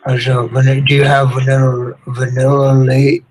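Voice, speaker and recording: A man voicing Moja, a confused caller who talks in halting, broken English and is hard to understand on a prank phone call. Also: medium pitch, monotone, a little mellow, pitched above the performer's own voice, natural voice. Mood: insistent.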